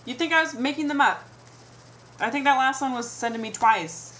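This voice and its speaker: A woman's voice: sits high, normal speed, noisy background. A young adult woman vlogging a sarcastic comedic rant, mimicking the comments people make to her.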